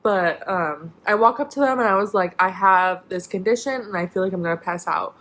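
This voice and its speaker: A woman's voice: mid-range voice, brisk, fairly bright tone. Rambling young woman telling a story. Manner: rambling, many "like" fillers and restarts. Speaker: vlogger. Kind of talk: casual storytime.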